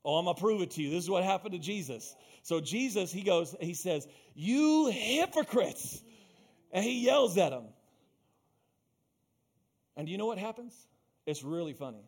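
A male pastor delivers a sermon in a notably high voice. He preaches with emphasis, driving points home through repetition and direct calls to his listeners. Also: lively intonation, a little fast, pauses often, breathy edge. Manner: emphatic, repeats phrases and calls out to the congregation.

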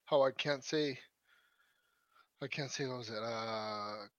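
A laid-back man co-hosting a casual podcast, swearing freely as he chats. His voice has an average male pitch. The recording is dry, with no echo around it. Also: slow pace, fairly bright tone. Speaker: podcast co-host. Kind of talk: casual chat.

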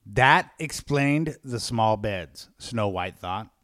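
Man doing a lively comic read-aloud. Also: lowish voice, slow, no echo, clean studio sound. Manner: casual, crude, joking asides. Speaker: podcast host reading a story aloud. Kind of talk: comic dramatic reading.

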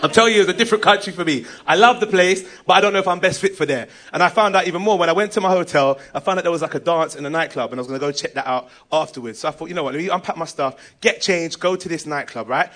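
A man doing stand-up, telling an animated story. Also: fairly high pitch, rapid-fire, few pauses. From England. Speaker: stand-up comedian.

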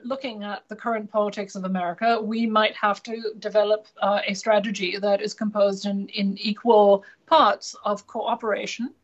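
A woman from Germany, a native German speaker, answering as an interview guest in a measured, hesitant way with frequent fillers. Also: mid-range voice, highs cut off. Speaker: guest analyst. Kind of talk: radio interview.

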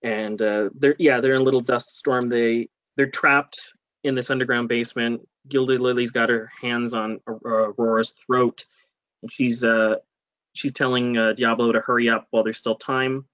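A man's voice: medium pitch, little pitch movement, moderate pace, fairly bright tone, no echo, highs cut off. A man guest on a casual comic-book podcast, talking hesitantly with many fillers and hedges.

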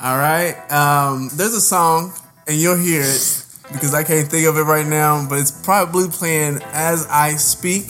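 A man's voice: fairly high pitch, fairly even intonation, unhurried, a bit bright, faint music behind. A man co-hosting a podcast, rambling through casual chat with lots of fillers and restarts and a joking streak. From New York. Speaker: podcast co-host.

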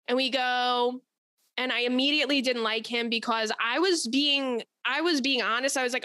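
A woman's voice: on the high side, fairly even intonation, normal speed, pushed and bright, no room sound. A young woman hosting a podcast, telling stories in casual chat, blunt and profane with lots of energy. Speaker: podcast host.

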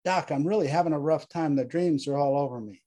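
A man's voice: fairly high pitch, a little fast, mellow, natural voice. A man voicing a haunted male veteran platoon leader who pleads, grieves and snaps in anger. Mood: pleading. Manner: pleading, exasperated, grief-stricken.

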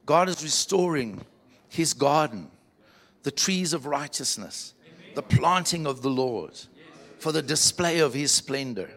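A man preaching to a church, telling a story with animated quoted voices. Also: a little high, measured pace. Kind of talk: sermon storytelling.

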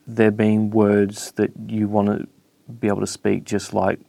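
A man's voice: on the low side, completely flat delivery, unhurried, gravelly, warm tone, no room sound. A man asking interview questions in a hesitant, searching way.

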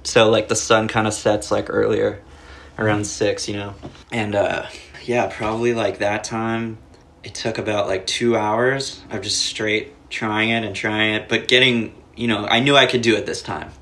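A man's voice: fairly low pitch, little pitch movement, normal speed, pushed and bright. Laid-back young man rambling through a story. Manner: rambling, heavy on filler words and profanity. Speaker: podcast guest. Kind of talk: casual storytelling chat.

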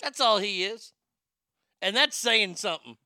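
A man's voice: high voice, expressive, unhurried, sharp tone, no room sound, studio quality. A man hosting a commentary show, talking bluntly and profanely, joking and reading posts aloud. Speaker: show host.

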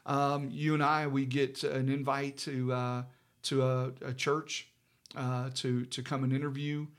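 His voice mid-range and level, a middle-aged pastor relates a story about himself conversationally, pausing, restarting and filling gaps with hesitations.

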